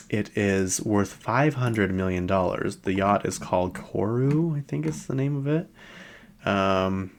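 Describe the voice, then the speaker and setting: A man hosting a podcast, chatting casually about celebrity news in a rambling way with lots of fillers. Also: low voice. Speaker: podcast host.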